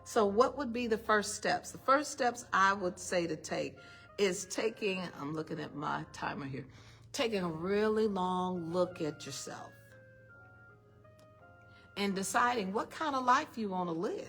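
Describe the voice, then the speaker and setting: A woman's voice: mid-range voice, expressive, a little slow, creaky, fairly bright tone, faint music behind. A woman giving an emphatic, faith-based motivational talk to a live audience, firing off rhetorical questions and calling listeners "honey". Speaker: speaker addressing a live and online audience. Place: event room with an audience.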